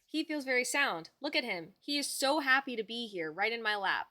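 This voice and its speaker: A woman's voice: a little high, lively intonation, fairly quick, pushed and bright. A woman livestreaming from home, chatting casually with her viewers and fussing affectionately over the dog in her lap.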